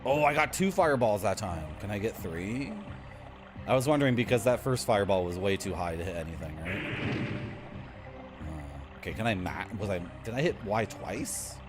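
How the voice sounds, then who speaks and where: A man's voice: on the low side, animated, moderate pace. A man streaming a video game, casually commenting and joking with his chat. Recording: game music behind voice.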